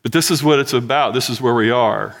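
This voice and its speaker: A man's voice: medium pitch, a little fast, creaky, a bit bright. Conversational man preaching a sermon. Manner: conversational, joking with the congregation. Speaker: pastor. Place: church.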